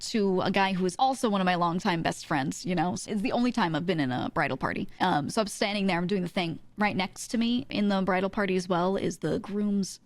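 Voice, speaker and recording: A young adult woman streamer chatting casually, telling an animated story and often laughing. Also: on the low side, brisk, hardly any pauses, no echo. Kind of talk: casual chat.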